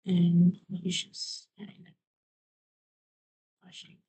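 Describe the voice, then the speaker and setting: Woman streamer, lowish mellow voice, soft rambling half-whispered narration. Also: monotone, takes it slowly, husky, low-quality recording. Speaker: live streamer.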